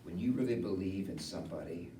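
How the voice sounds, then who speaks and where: Male pastor, funeral sermon, conversational and building; deeper voice, distant roomy recording with faint hiss. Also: quick pace. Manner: conversational, rises to animated emphasis. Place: funeral home chapel. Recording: echoey room from far off, faint hiss.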